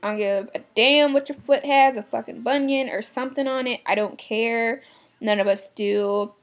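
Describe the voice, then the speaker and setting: A woman's voice: on the high side, moderate pace. A young woman who works in a shoe department, venting bluntly and with exasperation, swearing casually. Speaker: shoe department retail worker. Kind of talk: venting to camera.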